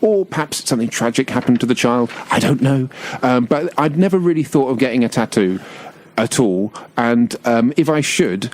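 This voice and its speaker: A man's voice: medium pitch, expressive, normal speed, darkish tone. A man, a guest on a local radio show, rambling playfully off on tangents in casual chat. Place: radio studio. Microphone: studio microphone.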